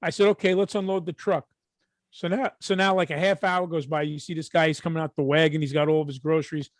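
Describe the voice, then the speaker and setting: A middle-aged man with a Brooklyn accent, co-hosting a podcast and telling stories in a casual, profane, animated way. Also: fairly high pitch, fast talker, no echo, clean studio sound. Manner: animated, profane, acts out quotes. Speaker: podcast co-host. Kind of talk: casual storytelling.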